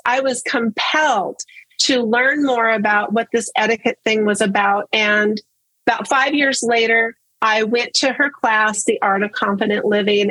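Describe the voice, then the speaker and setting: Woman telling her story, kinda husky, higher voice, earnest and open, repeats herself for emphasis. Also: fairly bright tone, no room sound, poor audio. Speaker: guest sharing her story. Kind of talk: casual personal testimony.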